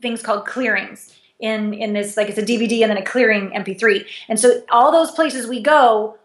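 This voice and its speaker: A woman being interviewed as an intimacy coach. She talks animatedly, with big swings in pitch, and she laughs as she acts out conversations. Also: normal speed. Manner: animated, wide pitch swings, laughs while acting out dialogue. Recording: echoey room.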